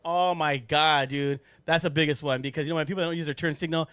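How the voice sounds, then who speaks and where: Animated joking man hosting a podcast. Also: fairly high pitch, fast, few pauses, soft background music. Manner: animated, joking, laughs often. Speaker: podcast host. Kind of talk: casual podcast chat.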